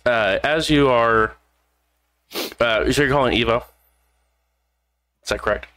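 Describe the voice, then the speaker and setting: A man narrating as game master in a tabletop role-playing game, relaxed and loose with fillers. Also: mid-range voice, unhurried, no echo.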